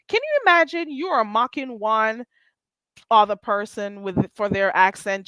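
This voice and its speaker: A woman hosting a casual livestream commentary, reading chat aloud and ranting bluntly with plenty of swearing and sudden loud jumps in pitch. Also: no room sound. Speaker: YouTube commentary host.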